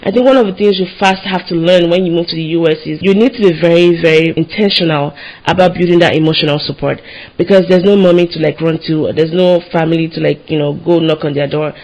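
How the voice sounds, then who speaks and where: A man's voice: fairly high pitch, darkish tone, dull audio. A man hosting a podcast interview, chatty and encouraging, who came to the US as an international student. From grew up abroad, former international student in the US. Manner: chatty and encouraging, quick asides. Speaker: podcast host. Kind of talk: casual interview chat.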